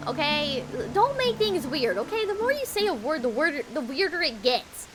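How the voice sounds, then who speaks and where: A woman's voice: sits high, very animated, moderate pace, music in the background. A woman with a Texan accent, chatting playfully and giggling as she streams a game. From Texas. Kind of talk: casual live-stream chat while gaming.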